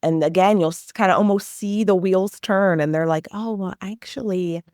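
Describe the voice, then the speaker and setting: A woman's voice: lowish voice, fairly even intonation, moderate pace, a little mellow, smooth, dry recording, studio quality. A woman answering interview questions as an education consultant, talking earnestly and animatedly, often acting out the questions a teacher might ask.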